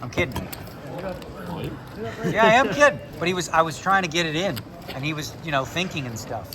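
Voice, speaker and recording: Talking to camera in a crowded casino tournament room, a middle-aged Canadian man explains poker hands in a loose, joking vlog full of swearing. He speaks a little fast in a fairly high, expressive voice as crowd chatter carries on in the background.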